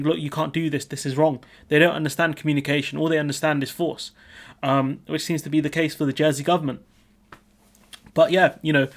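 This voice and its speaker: A young man with a slightly higher voice delivers casual news commentary. He sounds informal and opinionated, and keeps his sentences going with frequent fillers.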